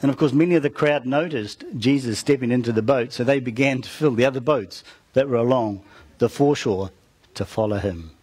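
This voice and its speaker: A man preaching, retelling a Bible story with dramatic rises and soft, trailing ends, turning to the listeners with asides. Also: mid-range voice, a little fast, husky. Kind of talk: storytelling sermon.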